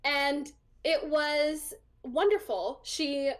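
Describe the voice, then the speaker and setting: A young woman on an interview show speaks extremely slowly in a high-pitched, steady voice while casually sharing a personal story. Her chatty delivery is full of ums and likes, and she frequently laughs.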